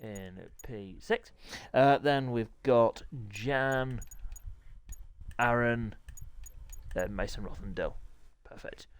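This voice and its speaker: A man hosting and commentating a sim racing league, chatty and jokey, teasing the riders and clearing his throat often. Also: mid-range voice, slow, pauses often. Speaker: race commentator and league host.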